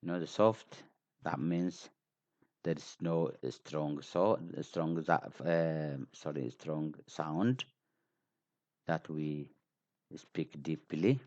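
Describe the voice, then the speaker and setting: Slow, very deep-voiced man teaching. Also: darkish tone. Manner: patient, repeats example words, frequent fillers. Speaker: language teacher. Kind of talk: slow spoken lesson. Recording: dull lo-fi recording.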